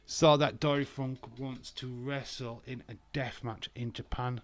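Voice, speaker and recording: A man casually chatting with viewers as he hosts a wrestling watch-along, self-mocking and quick to laugh. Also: medium pitch, fairly even intonation, dry recording. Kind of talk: casual live-stream chat with viewers.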